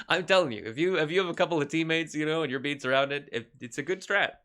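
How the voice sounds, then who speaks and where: A man streaming a shooter game in casual, jokey commentary, swearing freely and laughing often, with excited yelps when the game turns. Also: on the high side.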